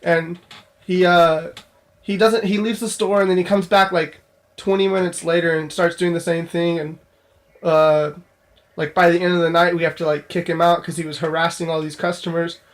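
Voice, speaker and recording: A man's voice: fairly high pitch, little pitch movement, normal speed. A young man casually telling a story from his job in a vlog, rambling with lots of fillers and restarts. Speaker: store clerk telling a work story.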